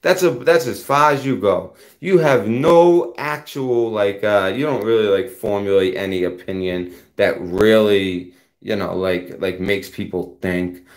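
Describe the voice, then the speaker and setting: A man's voice: on the low side, measured pace. A man hosting his own channel, delivering a confrontational, profane rant straight at a rival. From United States. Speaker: channel host. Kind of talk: heated rant to camera.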